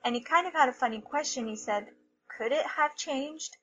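Bright-voiced emotional mother. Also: sits high, lo-fi sound. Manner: emotional, halting, many restarts. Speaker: mother telling her story. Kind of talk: personal storytelling interview.

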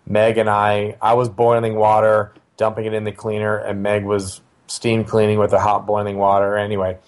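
Low-voiced father telling a family story. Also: monotone, moderate pace. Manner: conversational, hesitant with fillers and restarts. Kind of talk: casual personal storytelling.

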